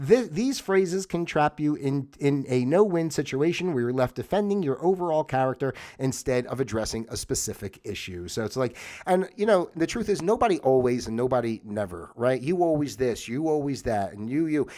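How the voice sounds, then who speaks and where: A man's voice: mid-range voice, expressive, normal speed, warm tone. A man hosting a livestream, talking through ideas in a rambling, reflective way with many fillers and restarts. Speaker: host. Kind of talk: casual livestream monologue.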